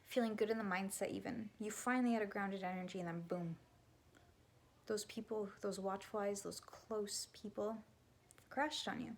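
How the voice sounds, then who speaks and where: Young woman, gravelly, raw confessional vlog, blunt and sweary, slips into whispers. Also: medium pitch, fairly even intonation, normal speed, a little hiss or hum. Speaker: vlogger and spiritual coach. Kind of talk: candid confessional talk to camera.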